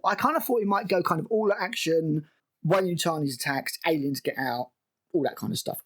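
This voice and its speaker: A man's voice: fairly high pitch, fairly quick. A man recapping a TV episode as a review host, exasperated and sarcastic and swearing freely.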